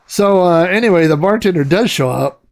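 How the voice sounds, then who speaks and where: A man's voice: sits high, lively intonation, normal speed, creaky, darkish tone. Chatty, rambling man telling a story. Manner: rambling, chatty, with many fillers and laughs. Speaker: retro gaming host. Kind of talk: casual anecdote while playing a game.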